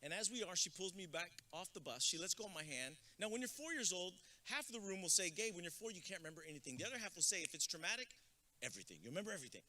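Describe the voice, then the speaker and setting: A man with a high, very bright and piercing voice gives a motivational graduation address. He tells personal stories with jokes and builds to loud, rousing calls to the crowd. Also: expressive, rapid-fire, slight background noise. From San Antonio, Texas. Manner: storytelling with jokes. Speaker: graduation guest speaker. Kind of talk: motivational speech.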